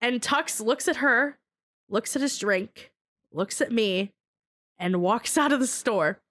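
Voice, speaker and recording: A young woman tells a story as a podcast guest, her voice sitting a bit high. She talks in an animated, casual way and swears freely. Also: slow pace. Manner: animated, swears freely, acts out other people's lines.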